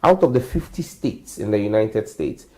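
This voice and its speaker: A man appearing as a politician guest on a studio talk show, arguing his case forcefully. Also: on the low side, sing-song, normal speed. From Ghana. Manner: forceful, argumentative.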